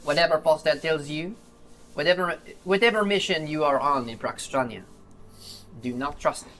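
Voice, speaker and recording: A man's voice: fairly high pitch, fairly bright tone, slight background noise, natural voice. A man doing a grave father with a French accent. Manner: grave, measured letter-reading.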